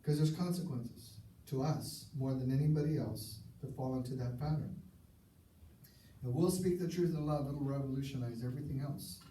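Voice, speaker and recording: A man preaching a sermon, earnest and conversational, sometimes dropping his voice low for emphasis. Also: normal speed, mellow. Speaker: pastor. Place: church sanctuary. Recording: echoey church hall, mic at a distance, faint hiss.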